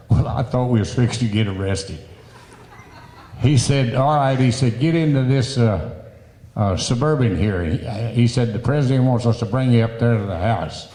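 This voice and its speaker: A man's voice: lowish voice, normal speed, warm tone. A man telling a rambling, folksy anecdote in an interview, acting out the quoted lines. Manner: folksy, rambling storyteller who acts out quotes. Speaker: interviewee, rodeo cowboy. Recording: reverberant hall.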